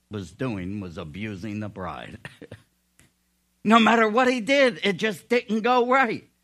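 A man preaching with a bright, forceful tone and a slightly high voice. He takes his time and laughs often, then swells into loud, emphatic peaks. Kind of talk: sermon.

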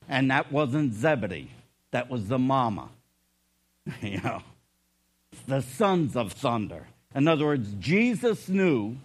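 An older man preaching a sermon in a folksy way, swinging between loud emphasis and quiet asides. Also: fairly high pitch. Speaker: pastor.

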